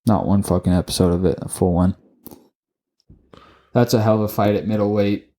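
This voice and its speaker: A young man co-hosting a sports podcast, swearing constantly and tripping over his words as he rushes through his opinions. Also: on the low side. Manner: profane, excitable, stumbles and repeats words. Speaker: podcast co-host. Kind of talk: casual sports chat.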